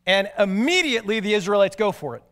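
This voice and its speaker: A man preaching a sermon, telling stories animatedly and moving from excited to hushed and grave. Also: sits high, fast talker. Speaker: pastor.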